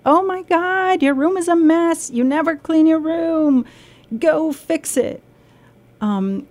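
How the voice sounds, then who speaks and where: Mellow-voiced woman explaining gently. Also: medium pitch. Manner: gentle, acts out scolding voices. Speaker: guest speaker on nutrition. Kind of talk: radio talk, explaining.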